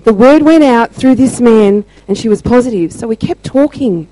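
A woman shares a testimony in a mellow, warm voice. She paces it slowly and leans on pauses for emphasis. The sound is dry and close. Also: a little high, no echo, poor audio. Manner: slow, deliberate storytelling with emphatic pauses. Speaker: church member sharing testimony. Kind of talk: testimony sharing.

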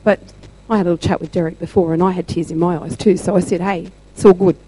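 A woman sharing a church testimony, telling her story slowly and deliberately with emphatic pauses. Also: fairly low pitch, fairly even intonation, mellow, a little hiss or hum, rough recording.

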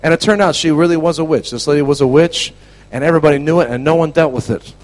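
A man preaching a storytelling sermon to a class, animated, dropping to a hush and then shouting. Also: on the high side, fast, rough recording. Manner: animated, swings from hushed to shouting.

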